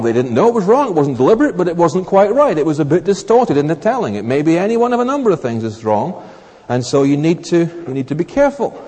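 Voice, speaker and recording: Animated male preacher in a reverberant hall. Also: a little high. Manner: animated, acts out little scenes in raised voices. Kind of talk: sermon. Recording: long reverb of a large hall.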